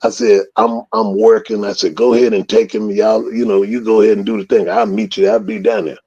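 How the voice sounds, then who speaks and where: A man's voice: lowish voice, steady tone, a little fast, vocal fry, dull audio. A man telling rambling, profane stories in a casual chat and acting out the scenes. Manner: profane, rambling storyteller who acts out scenes loudly. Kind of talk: casual storytelling.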